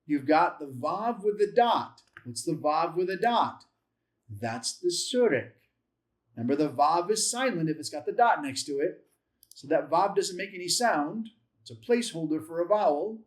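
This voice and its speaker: A man's voice: a little high, animated, normal speed. A man teaching a language lesson, patiently sounding out letters and syllables one at a time, repeating them and correcting himself with light humor. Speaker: Bible Hebrew teacher. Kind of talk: classroom-style language lesson.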